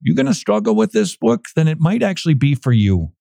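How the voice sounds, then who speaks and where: A male radio host talks on air from a studio in a warm, relaxed tone. His pitch rises and falls all over the place as he comments, chuckling between passages he reads aloud. The sound is close and dry, with no room around it. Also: fairly quick, creaky, no room sound.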